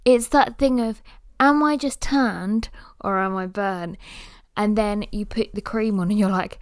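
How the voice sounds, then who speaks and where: A woman's voice: mid-range voice, normal speed, no echo, clean studio sound. A woman in her early twenties hosting a casual solo podcast, rambling and tired, with lots of filler words. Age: early 20s. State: tired and yawning. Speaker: podcast host.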